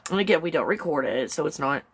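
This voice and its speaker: A woman talking casually on a live stream, her voice sitting a little low for a woman. She rambles from thought to thought, gets excited easily and breaks into giggles often. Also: quick pace, husky. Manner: chatty and excitable. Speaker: live show host.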